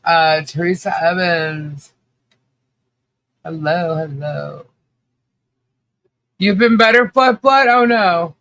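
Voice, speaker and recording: A man hosts a relaxed livestream chat, greeting his viewers one by one in an unhurried, drawn-out way. His voice sits on the high side with a bright, sharp edge and a slight nasal stuffiness from allergies. He talks chattily, with plenty of fillers and easy laughter. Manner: chatty, laughs often, many fillers and restarts. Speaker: livestream host.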